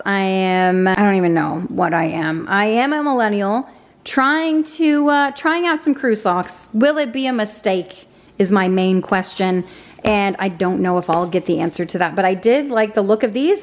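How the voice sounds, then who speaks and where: A woman's voice: mid-range voice, animated, moderate pace. A woman in her thirties, a mom chatting casually through a grocery haul, rambling with self-deprecating asides.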